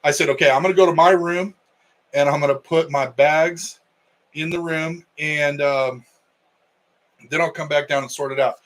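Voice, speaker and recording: A man's voice: on the high side, fairly even intonation, normal speed, long pauses, fairly bright tone, rough recording. A middle-aged man, a wrestling coach co-hosting a podcast, telling a story in casual chat and acting out the quotes.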